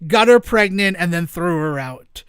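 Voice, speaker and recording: A man hosting a podcast, casually retelling a film's plot with swearing, laughter and quick acted-out quotes. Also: high-pitched, expressive, clear, resonant tone, no room sound, clean studio sound. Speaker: podcast host. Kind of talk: casual movie recap chat.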